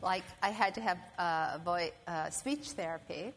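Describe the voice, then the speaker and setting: A woman telling a personal story to an audience, animated and acting out other people's voices. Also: fairly low pitch, a little slow, slight background noise. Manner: animated, acts out quoted voices. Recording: long hall reverb, faint ambience.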